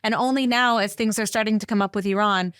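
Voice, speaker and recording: A woman co-host speaks thoughtfully and at length, explaining her point with care. Her voice sits in a middle pitch. The sound is dry and close to the mic. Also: steady tone, fast, fairly bright tone, smooth, no room sound. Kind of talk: interview conversation.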